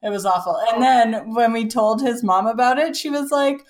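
A woman's voice: fairly high pitch, moderate pace. A woman co-hosting a podcast, chatting casually with wry humor. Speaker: podcast co-host. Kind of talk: casual chat.

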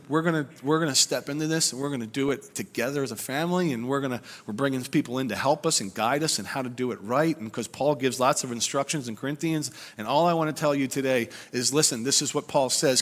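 A Pennsylvania pastor in his forties gives a sermon at a church service, telling stories in an earnest, conversational way and restarting often. His voice is mid-range and a bit bright.

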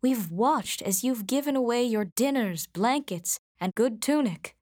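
A woman's voice: on the high side, expressive, unhurried, a little mellow. A woman doing a cautious, practical mother. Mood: firm. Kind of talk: storybook reading.

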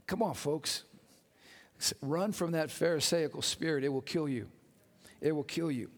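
A man preaching a lively sermon as pastor, joking and calling out to his congregation. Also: fairly high pitch, moderate pace, in a large hall. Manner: animated, joking, calls out to congregation.

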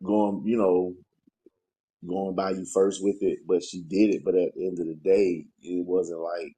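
A deep-voiced man with a husky edge, bantering in a loose, casual podcast chat. He keeps circling back to the same point and needles his co-host as he talks. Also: little pitch movement, a little slow, warm tone. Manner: teasing, repeats points insistently.

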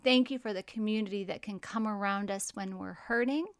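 A middle-aged woman co-hosts a faith podcast, sharing stories in casual chat and praying aloud. She is slow, warm, and earnest, with a mid-range voice in clean studio sound and no room sound.

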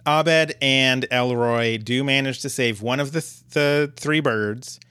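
Bright, smooth-voiced man recapping an episode. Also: mid-range voice, measured pace, dry recording. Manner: relaxed, many ums and uhs, dry humor. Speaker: podcast co-host.

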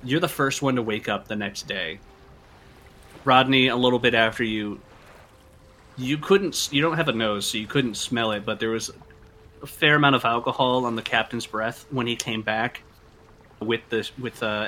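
A man narrating a tabletop game as game master, in a relaxed way with frequent fillers. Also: mid-range voice, moderate pace, a little hiss or hum.

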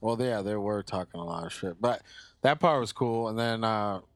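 A man's voice: on the low side, normal speed, dry recording. Man rambling casually about a horror film. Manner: rambling, searches for words, frequent "yeah". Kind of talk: casual movie chat.

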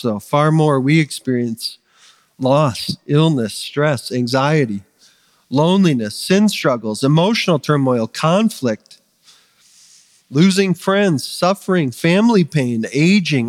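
Guy pastor preaching, earnest, talks like a chat, piles up lists, close and dry but big hall tail. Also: mid-range voice. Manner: earnest and conversational, with emphatic rising lists. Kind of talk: sermon. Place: church sanctuary.

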